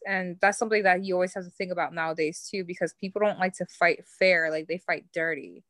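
Brisk and barely pausing, she talks in a low, slightly bright voice with no room sound behind it. She's a young woman from New York, accent and all, spinning stories as a casual podcast guest with plenty of "like" thrown in.

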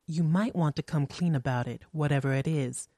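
A woman reading the lines of a stern, calm older mother who leads a séance, speaking softly, clearly and without hurry. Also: sits low, no room sound, studio quality. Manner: soft, clear and unhurried.

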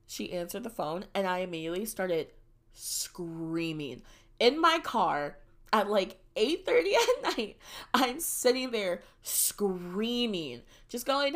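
Bright-voiced young woman podcast host. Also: mid-range voice. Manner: animated and dramatic, shrieks when reliving moments. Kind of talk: casual storytelling monologue.

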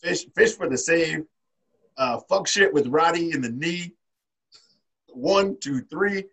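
A man's voice: fairly high pitch, animated, slow, gravelly, a bit bright, husky. A man hosting a podcast, casually recapping wrestling from his notes with loose, profane talk. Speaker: podcast host.

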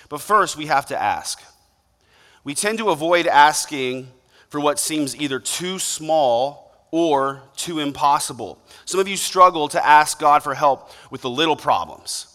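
A man's voice: medium pitch, sharp tone. A young man preaching a sermon as a pastor, in a conversational style with acted-out asides. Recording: long hall reverb.

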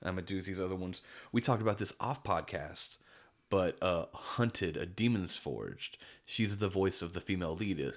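Deep-voiced man chatting enthusiastically. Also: normal speed. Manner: rambling, enthusiastic, many restarts and fillers. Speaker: podcast co-host. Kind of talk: casual chat.

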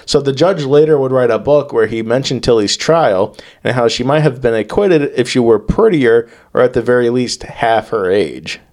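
A male podcast host tells a true-crime story in a loose, profane, joking style. His voice sits at an ordinary mid pitch, and he talks in a relaxed, conversational way. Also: moderate pace, hardly any pauses. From United States. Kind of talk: casual storytelling chat.

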